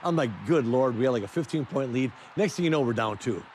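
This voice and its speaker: A man recounting old game stories with a steady mid-range voice. He laughs often and drops into quoted lines as he goes. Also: mid-range voice, fast, slight background noise. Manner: laughing often, quoting others in different voices. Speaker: former teammate telling stories. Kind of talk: animated anecdote telling.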